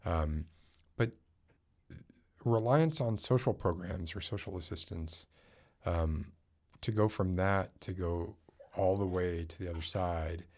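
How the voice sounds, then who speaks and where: Very deep-voiced man chatting casually. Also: slow, darkish tone. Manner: rambling, chatty, many fillers. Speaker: podcast host. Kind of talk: casual chat.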